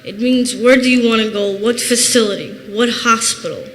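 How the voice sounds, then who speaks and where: A woman's voice: fairly high pitch, steady tone, normal speed. A woman in her thirties from Chicago giving an earnest, plain-spoken personal testimony in a church. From Chicago, USA. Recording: reverberant church hall, faint noise.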